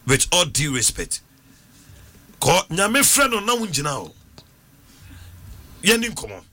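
A man hosting a phone-in radio show, setting rules for callers and repeating the call-in number in a brisk, directive way. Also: on the high side, sing-song, pushed and bright. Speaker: radio host.

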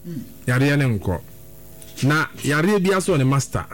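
A man's voice: medium pitch, sing-song, moderate pace. A man preaching a sermon, repeating phrases and trading short responses. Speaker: pastor.

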